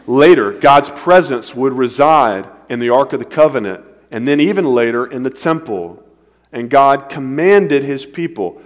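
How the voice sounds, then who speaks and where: A man delivers a sermon in a mid-range voice, rising to emphatic peaks and then dropping to a hush. His voice rings out with the long reverb of a large hall. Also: mid-range voice, animated, unhurried. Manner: dynamic delivery, swinging between emphatic and hushed. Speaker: pastor.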